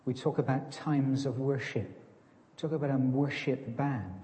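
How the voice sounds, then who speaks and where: A man's voice: mid-range voice, steady tone, measured pace, mellow. A man preaching a sermon, conversational and self-deprecating. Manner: conversational, self-deprecating, plays farmer joke. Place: church. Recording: long church reverb.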